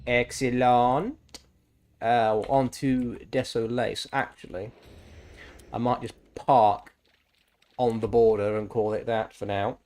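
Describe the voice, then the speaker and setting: A man's voice: lowish voice, flat delivery, slow pace, mellow. A man chatting casually and with enthusiasm while streaming a game, swearing freely. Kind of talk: casual chat while gaming.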